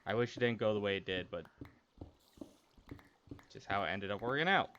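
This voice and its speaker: During a gaming stream, a young man casually shares a personal story, rambling and candid with many restarts. He sounds animated, fairly low-pitched and fairly bright at a moderate pace, in dull lo-fi audio with faint noise.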